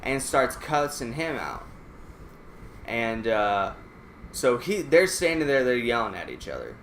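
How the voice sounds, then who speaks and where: Very animated and slightly bright, this man's mid-range voice moves at a measured pace as he plays a game and spins a profane, meandering anecdote full of restarts. He's a let's play gamer, recorded in an echoey room with slight background noise.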